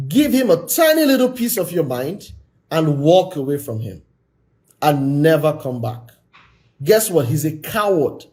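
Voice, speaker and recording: A man giving a blunt, forceful, exhorting talk on a live stream as a relationship coach. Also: sits high.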